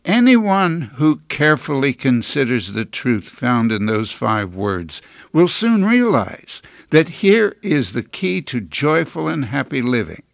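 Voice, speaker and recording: A man preaching a sermon in a slow, deliberate delivery. His voice sits a little high for a man and carries a gravelly edge. The sound is dry and close, and his manner is earnest, with emphatic rises. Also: big pitch swings, no echo. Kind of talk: scripted sermon.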